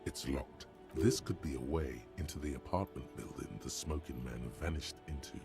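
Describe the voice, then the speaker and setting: A man narrating a video game in a grave, deliberate voice. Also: a bass voice, creaky, music in the background. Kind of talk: scripted narration.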